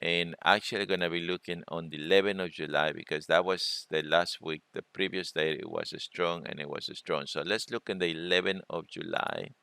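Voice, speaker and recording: A man presenting a trading webinar, talking through charts in a halting way and often repeating words. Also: deep voice, steady tone, creaky, pushed and bright, clean tone, no room sound. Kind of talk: screen-share trading lesson.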